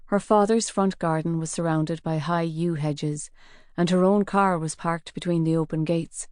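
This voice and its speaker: A woman narrating a crime audiobook in a measured, even storytelling manner. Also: fairly low pitch, no echo, clean studio sound. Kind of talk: scripted narration.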